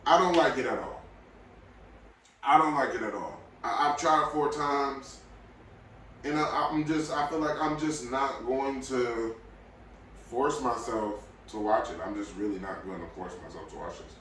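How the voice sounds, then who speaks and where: A man's voice: measured pace, slight background noise. Blunt man ranting in an echoey room. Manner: blunt, opinionated, swings between low mutters and loud outbursts. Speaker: podcast host. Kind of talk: casual solo podcast rant. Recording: very echoey room, mic at a distance.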